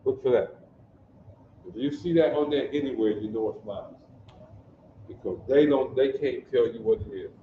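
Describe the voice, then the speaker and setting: A man from Detroit teaching a basic Hebrew class, drilling pronunciation slowly and coaxing the class to answer. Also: medium pitch, a little hiss or hum. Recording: echoey room, distant dull mic.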